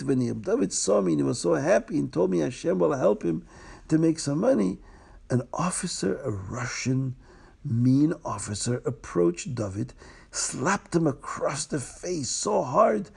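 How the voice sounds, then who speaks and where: A man retelling a religious story in a lively way, with asides to the listener, and a gravelly, husky voice. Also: medium pitch.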